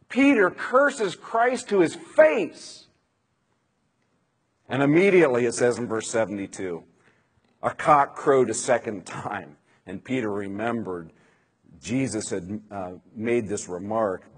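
Male preacher, conversational sermon style, husky and animated in pitch. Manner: conversational, dramatizing scripture, rhetorical questions.

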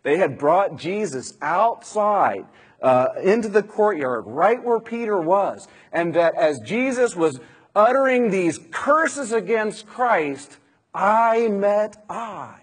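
A man preaching a conversational sermon, retelling scripture with rhetorical questions and a husky voice. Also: high voice, big pitch swings, takes it slowly.

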